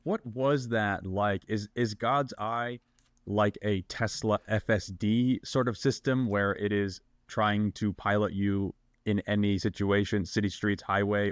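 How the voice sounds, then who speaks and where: A man co-hosting a podcast, asking questions in a relaxed, conversational way. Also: on the low side, measured pace, dry recording. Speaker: podcast co-host. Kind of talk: casual podcast chat.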